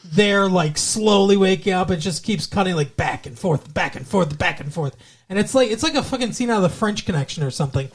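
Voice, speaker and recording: A man's voice: high voice, animated, brisk. A man co-hosting a podcast, chatting casually as he recaps a TV episode, rambling with restarts and acting out quotes. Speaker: podcast co-host.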